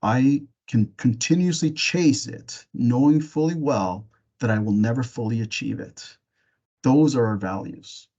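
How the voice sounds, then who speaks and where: A man presenting a parenting webinar, gently walking listeners through reflective questions in a casual way with some fillers and restarts. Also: medium pitch, a little slow, highs cut off. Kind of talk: reflective webinar talk with guided imagery.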